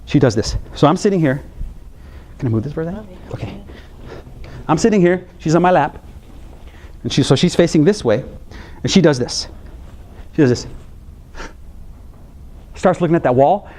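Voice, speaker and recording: Speaking to a room of counselors, an American psychologist in middle age recounts a story and performs his daughter's responses, laughing and gasping with animation. His voice sits a little high, at normal speed, with frequent pauses.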